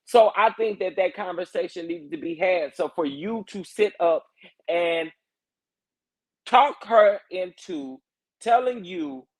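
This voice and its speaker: Animated man ranting on a morning chat. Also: high voice. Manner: animated, emphatic, rising to loud protest when fired up. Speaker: reality TV commentary host. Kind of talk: casual morning chat reacting to viewer comments.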